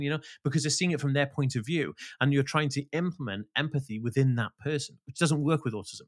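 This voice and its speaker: A man talking as a podcast guest, animated and emphatic, swearing freely. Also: mid-range voice, fast. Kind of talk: casual interview talk.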